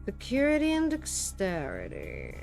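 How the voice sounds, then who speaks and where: A young adult woman streamer in casual gameplay chat, dry and matter-of-fact, clearing her throat often. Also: on the high side, wildly swooping pitch, a little slow, a little mellow, soft background music.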